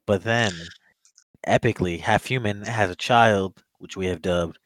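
A man's voice: lowish voice, slow pace, fairly bright tone, no echo, rough recording. A man reviewing an old monster movie in casual chat, rambling, swearing often and laughing at the story as he retells it. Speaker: podcast co-host.

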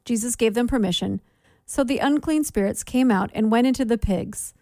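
A woman giving a measured Bible reading for a daily reading plan, with clear, steady delivery. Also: on the high side, dry recording, studio quality. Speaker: scripture reader.

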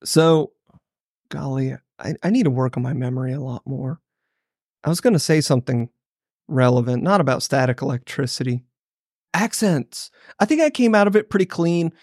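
A man from Florida co-hosting a podcast in casual chat, animated and playfully exaggerating his stories. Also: mid-range voice, normal speed, dry recording, clean studio sound. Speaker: podcast co-host.

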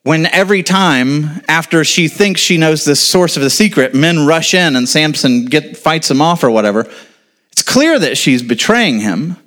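A man's voice: on the high side, expressive, normal speed, a bit bright. A male pastor preaching to a congregation in a casual style, quizzing his listeners and then answering his own questions. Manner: asks the audience questions, then answers them; informal, with casual asides. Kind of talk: sermon.

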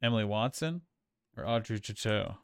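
A man's voice: lowish voice, lively intonation, moderate pace, creaky. A man co-hosting a casual film review chat, rambling with many fillers and restarts. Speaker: podcast co-host.

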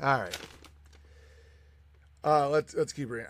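A man's voice: medium pitch, slow pace, pauses often, fairly bright tone, dry recording, studio quality. A young adult man hosting a podcast, ranting in a profane, mocking comedic style about politics. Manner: profane, mocking, acts out voices. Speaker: podcast host.

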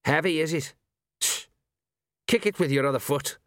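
A man's voice: fairly high pitch, normal speed, a bit bright, no echo, studio quality, pitched above the performer's own voice, natural voice. A man doing Wee Mad Arthur, a cheeky tiny gnome. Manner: blunt, cheeky, slangy. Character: tiny scrappy male gnome rat-catcher.

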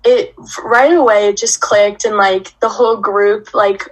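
A woman's voice: medium pitch, fairly even intonation, a little slow, poor audio. Chatty teenage girl, full of fillers. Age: teens. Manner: rambling, filler-heavy talk. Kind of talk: casual chat.

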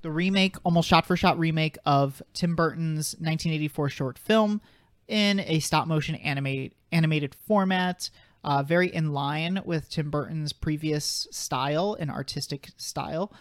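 In a dry, studio-quality recording, a man in his twenties with a slightly high voice talks at a moderate pace. He's co-hosting a podcast in casual conversation, rambling through fillers and frequent side tracks.

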